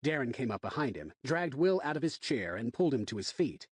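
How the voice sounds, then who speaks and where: Expressive male audiobook narrator. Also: medium pitch, brisk, breathy edge, no room sound, clean studio sound. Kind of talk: first-person audiobook narration.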